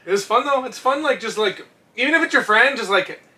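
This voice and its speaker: A man in his twenties, co-hosting a comedy podcast, telling stories in an animated, profane way. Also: extremely high pitch, brisk. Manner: animated, profane storytelling with acted-out quotes. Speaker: podcast co-host. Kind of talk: casual chat. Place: home studio shed.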